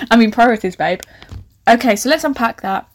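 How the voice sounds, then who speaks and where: A woman's voice: fairly high pitch, lively intonation, normal speed. A young woman hosting a podcast, reading her own old novel aloud with incredulous, sarcastic comic commentary. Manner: incredulous, sarcastic asides with sudden squeals.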